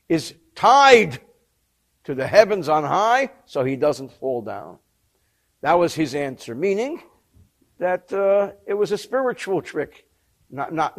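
Man, high voice, religious teacher, animated storytelling lecture, glosses Hebrew phrases in English. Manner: lively storyteller, mixes Hebrew and Yiddish terms with English translation. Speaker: Torah teacher. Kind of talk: storytelling lecture on a sacred text.

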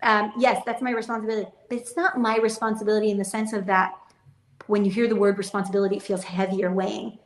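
A woman's voice: mid-range voice, level tone, fast talker. Earnest, talkative woman in an echoey room. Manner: earnest, talkative, often laughing. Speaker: interview guest, business owner. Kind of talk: casual interview chat.

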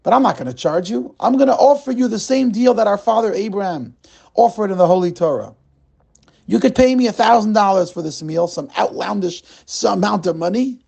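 A man's voice: high-pitched, creaky, warm tone, slightly rough, voice pushed up, exaggerated voice. A man voicing a young rabbinical student who speaks earnestly and stammers a little.

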